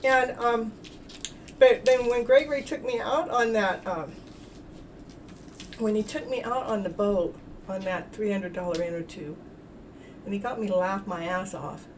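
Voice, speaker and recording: A woman hosting a casual self-help talk show, rambling and warm-hearted, laughing often as she talks. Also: mid-range voice, unhurried, pauses often, far from the mic, slight background noise, rough recording. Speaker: host.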